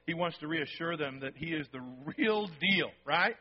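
A pastor with a slightly high voice preaches a sermon at normal speed with few pauses. His delivery is conversational and emphatic, and he keeps checking in with listeners by asking "okay?". The recording has a dull, lo-fi sound.

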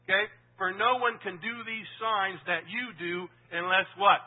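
A husky, high-voiced man preaches a lively sermon. He swings between forceful emphasis and low asides, quizzing his listeners as he goes. The sound is thin and tinny, as though heard over an old radio line. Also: a little slow. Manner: animated, swings from loud emphasis to low asides, asks the audience questions.

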